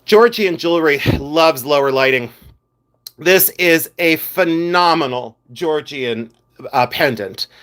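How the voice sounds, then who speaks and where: A man's voice: fairly high pitch, slow, a bit bright. A middle-aged man hosting a casual jewelry livestream, blunt and a bit exasperated, with lots of "uh" fillers.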